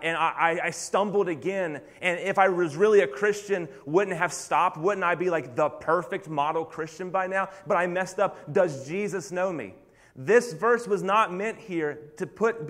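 A man's voice: on the high side, fairly bright tone. A man preaching a sermon in an earnest, confessional way, often stumbling over restarts.

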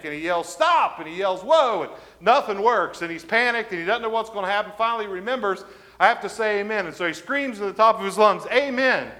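A man's voice: high voice, bright, forceful tone. A man preaching as a visiting supply pastor, telling a folksy joke and saying a heartfelt farewell, with frequent "uh" fillers. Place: church sanctuary.

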